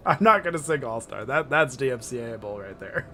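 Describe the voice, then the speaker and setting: A man's voice: mid-range voice, big pitch swings, a little slow, a bit bright, a little hiss or hum. A man streaming a video game, chatting and joking with viewers in a loose, laughing way. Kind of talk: casual live-stream commentary. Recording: game music under the voice.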